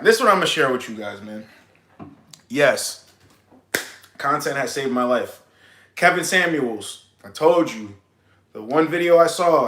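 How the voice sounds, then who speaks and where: A man's voice: medium pitch, a bit bright, reverberant. A young man, a dating coach on a stream, chatting casually in blunt, slangy talk with plenty of swearing. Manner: acts out both sides of pickup scenes. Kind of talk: casual livestream chat.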